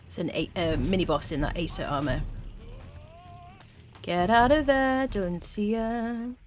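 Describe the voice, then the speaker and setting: A woman's voice: mid-range voice, unhurried, slight background noise. A woman streaming a game, chatting casually with her viewers and humming little tunes as she plays. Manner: chatty, talks to chat, hums little tunes. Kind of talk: casual live gameplay commentary.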